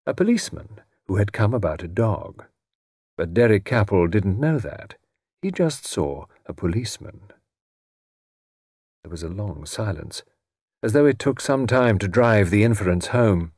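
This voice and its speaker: A male storyteller reading an audiobook with expressive, measured delivery. His voice is husky and moves freely up and down, sitting a little low. The recording is close and dry. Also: no echo. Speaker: narrator. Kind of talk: scripted audiobook narration.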